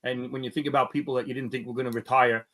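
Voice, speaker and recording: A man's voice: medium pitch, little pitch movement, very fast, a bit bright. A man, a retiring fire chief, speaking earnestly and reflectively in casual chat, with frequent ums.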